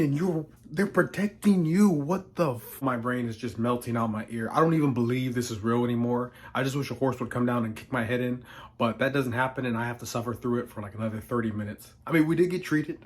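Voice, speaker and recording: A young man telling a storytime vlog with sarcastic, profane humor. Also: mid-range voice. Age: young adult. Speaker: vlogger.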